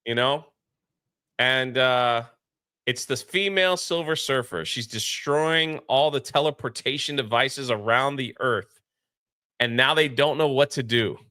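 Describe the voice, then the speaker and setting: A man reviewing a movie in casual chat, retelling the plot with lively, acted-out lines. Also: medium pitch, clear, resonant tone, no echo, clean studio sound. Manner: animated retelling, acts out lines.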